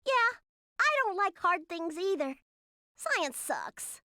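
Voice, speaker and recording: A woman's voice: very high-pitched, sing-song, slow pace, pushed and bright, no room sound, studio quality, pitched above the performer's own voice, heavily acted. A woman voicing a hyper, dim-witted young cat girl who talks in a childlike, bubbly way and meows. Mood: playful.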